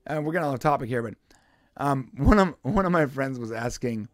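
A man's voice: mid-range voice, expressive, a little fast, no room sound, studio quality. A man co-hosting a podcast, joking around in casual banter and laughing often. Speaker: podcast co-host.

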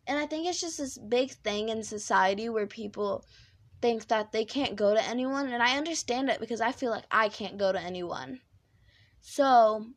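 A young woman hosting a podcast, talking candidly in a rambling monologue with a high-pitched, squeaky voice. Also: creaky, no room sound. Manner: candid, rambling with fillers and restarts. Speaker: podcast host.

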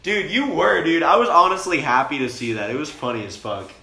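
A young man, a bit high, telling a long profane story in a rambling, laid-back way inside a camper van. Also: brisk, vocal fry, bright, forceful tone. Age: young adult. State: high on cannabis. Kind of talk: casual storytelling chat. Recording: roomy with faint noise.

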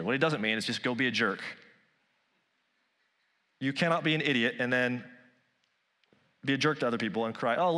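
Guy pastor preaching, mid-pitched voice, gets loud then goes quiet, long church echo. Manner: emphatic preaching, rising loud on key points and dropping soft on others. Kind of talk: sermon.

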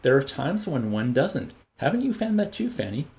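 Breezy young woman, voiced by a gravelly man. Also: medium pitch, big pitch swings, moderate pace, darkish tone, voice pushed up.

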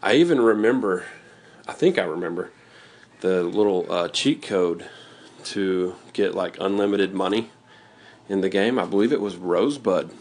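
Deep-voiced rambling man radio host. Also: normal speed, darkish tone. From US South. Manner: rambling, self-interrupting, joking asides. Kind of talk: casual solo radio talk.

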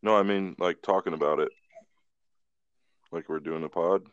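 Deep-voiced laid-back podcast cohost, smooth tone, slightly muffled lo-fi mic. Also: male voice, fairly even intonation, moderate pace, no room sound. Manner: laid-back, profane, grumbling. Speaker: podcast co-host. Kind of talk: casual chat.

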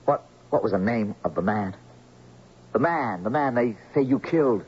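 A man's voice: medium pitch, animated, normal speed, lightly acted. An actor playing an anxious young man who poses as a doctor and asks questions in a hesitant, coaxing way. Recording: slightly dull old radio recording with faint hiss.

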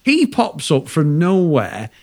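A man's voice: on the high side, wildly swooping pitch, takes it slowly, creaky. A man co-hosting a podcast, ranting about a film in casual, sweary, exasperated chat. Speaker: podcast co-host.

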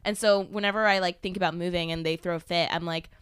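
An animated young woman rambles through a casual chat, talking expressively. Her voice is bright and crisp. It is recorded close and dry. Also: fairly low pitch, quick pace, no room sound.

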